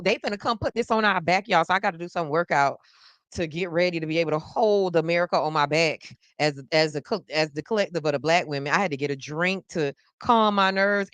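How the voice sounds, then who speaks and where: Woman running a live reaction stream, chatty and excitable, clear smooth voice, dry close sound. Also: on the low side, no echo. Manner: animated, chatty, talks straight to viewers; exclaims often and repeats phrases for effect. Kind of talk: casual live-stream commentary.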